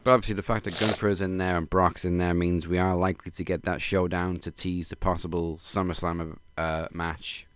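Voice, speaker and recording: A man talking wrestling as a guest in casual chat, measured and analytical. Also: deep voice, flat delivery, noisy background.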